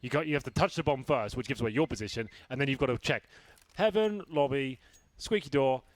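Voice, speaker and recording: A man with a British accent giving quick, analytical live match commentary with dry humor. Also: mid-range voice. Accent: British English. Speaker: esports caster.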